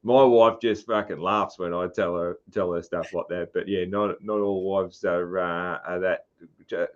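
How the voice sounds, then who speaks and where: A man with an Australian accent hosting a podcast, chatting casually and filling pauses with "uh" and "man". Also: low voice, fairly even intonation, highs cut off. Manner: laid-back, lots of "uh" and "man". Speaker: podcast host. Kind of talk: casual interview chat.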